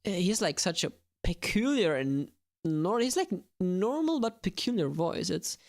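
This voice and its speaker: Lively, chatty woman streaming. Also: fairly low pitch, unhurried, no echo, clean studio sound. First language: Italian. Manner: chatty and playful, laughs often. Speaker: game streamer. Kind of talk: casual live-stream chat.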